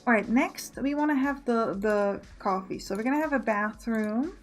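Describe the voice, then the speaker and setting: Let's play host, female, higher voice, musing and self-correcting, soft music behind. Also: moderate pace. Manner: thinking aloud, self-correcting. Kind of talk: casual gameplay commentary.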